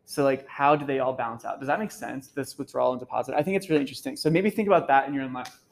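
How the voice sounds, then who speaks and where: A campus minister speaks very fast at medium pitch with vocal fry, giving a casual, earnest faith talk to students before a live audience in a campus center gathering room. He tells personal stories conversationally, full of "like" and "um," and the audio is poor.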